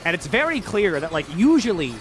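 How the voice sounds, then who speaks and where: Lively young male streamer. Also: high-pitched, fairly quick, slight background noise. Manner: rambling, lots of "like", animated. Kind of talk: casual gameplay chat.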